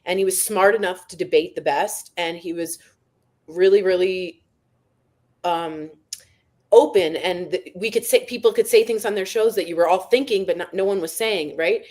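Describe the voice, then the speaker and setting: A woman's voice: lowish voice, darkish tone. A woman co-hosting a comedic news podcast, candid and sarcastic in casual chat. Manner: candid, sarcastic, quick to laugh. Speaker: podcast co-host.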